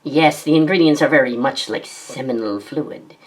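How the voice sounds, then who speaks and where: A woman's voice: a bass voice, darkish tone. A woman performing a fan audio drama, playing many parts in a sarcastic, melodramatic way. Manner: quick-switching, sarcastic, melodramatic. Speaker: narrator and voice actor.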